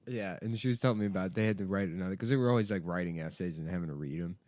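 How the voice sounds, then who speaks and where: Rambling, profane comedy podcast host. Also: male voice, sits low, very fast, darkish tone. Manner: rambling, profane, filler-heavy. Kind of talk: casual chat.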